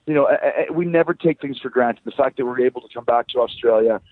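A man's voice: mid-range voice, fast talker, a little hiss or hum. A man, a rock band frontman, chatting loosely as a guest in a phone interview, swearing and storytelling. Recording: tinny dry phone line.

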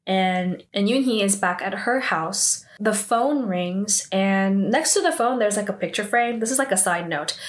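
A young woman with a medium-pitched voice casually recaps an episode of a TV drama. She's chatty and fills her talk with "like," and at times her voice rises in disbelief.

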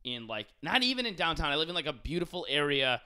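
A man's voice: on the high side, sing-song, fast, pushed and bright, smooth. A young man on a podcast, chatting casually and animatedly, swearing often and saying "dude" a lot.

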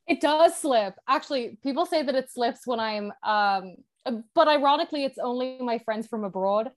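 A young woman from Ireland with an Irish accent softened toward American, co-hosting a casual chat podcast, blunt and dry with some swearing. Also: fairly high pitch, lively intonation, normal speed. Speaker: podcast co-host.

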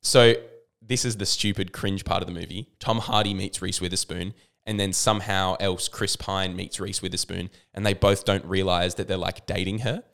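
A man co-hosting a casual podcast, retelling a movie plot in a rambling, animated way with quick impressions. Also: low-pitched, gravelly. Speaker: podcast co-host. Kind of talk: casual chat about movies.

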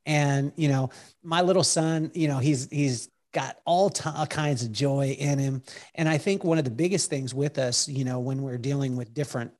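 A man telling animated stories as a podcast guest, acting out what people said and breaking into song, with halting restarts when he explains a point. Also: mid-range voice. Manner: lively storyteller who acts out quotes and sings bits. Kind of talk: animated storytelling in conversation.

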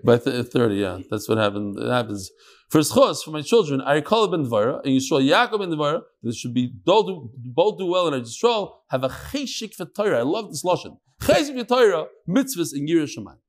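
A man with a somewhat high voice leads an informal Talmud class. He talks in a chatty, loose way and drops joking asides. He mixes Hebrew and Yiddish terms into his English. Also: big pitch swings, brisk. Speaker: Talmud teacher. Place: room with a small class.

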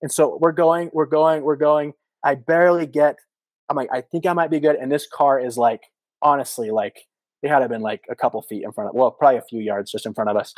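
A man in his thirties tells a story on a podcast, jumping up high in pitch whenever he acts out a scream or a quote. His voice sits mid-range and the sound is dry and close. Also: brisk, no room sound, low-quality recording. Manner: animated storyteller, many "like" fillers, acts out quotes. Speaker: podcast guest, former missionary. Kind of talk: casual storytelling.

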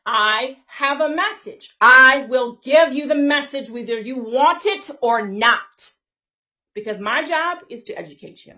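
A woman preaching live as a self-styled prophetess, confrontational and cursing, swinging between loud outbursts and quiet, muttered lines. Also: sits high, recorded from a distance, muffled recording. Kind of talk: fiery profane live preaching.

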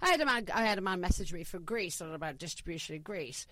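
A woman's voice: lowish voice, expressive, fast talker, crowd noise. A woman from Britain, a podcast guest and business founder, chatting casually, laughing often and acting out dialogue.

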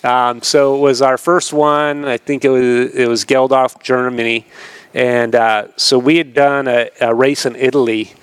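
A man in his fifties tells old racing stories as a podcast guest, relaxed and meandering. His voice sits at an average pitch and is recorded dry and close. He laughs easily and slips into other people's voices for quotes. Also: a little slow, smooth, no echo. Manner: laid-back, rambling, laughs often, acts out quoted voices. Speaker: podcast guest, retired motocross racer. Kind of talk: casual storytelling interview.

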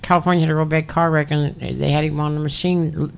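A woman's voice: deep voice, level tone, fast talker, gravelly, a little hiss or hum. A woman guest telling a plain, folksy story in a casual chat.

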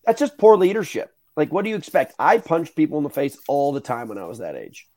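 Animated young man telling stories. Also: on the high side, fast. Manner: animated, swearing, acts out quoted voices. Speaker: podcast host. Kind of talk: casual storytelling chat.

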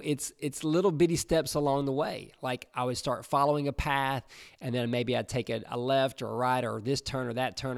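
A man's voice: medium pitch, gravelly, no room sound, studio quality. A man preaching in a casual, conversational way to young listeners, often checking in with his audience. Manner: conversational, repeats "right?" and "you know".

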